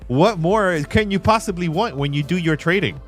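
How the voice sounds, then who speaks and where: A man hosting a live trading stream, walking through charts and shouting out viewers in a casual, slangy, emphatic way. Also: animated, moderate pace, faint music behind. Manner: emphatic, hype-driven pitch to viewers. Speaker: livestream trading host. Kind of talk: live chart walkthrough and chat shout-outs.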